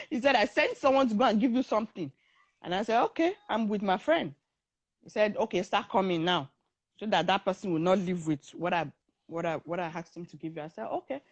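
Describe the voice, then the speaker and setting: A woman's voice: mid-range voice, brisk, no room sound. A young woman, telling her own story in a casual talk and acting out the voices of the people in it. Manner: animated, acts out the voices of others in her story.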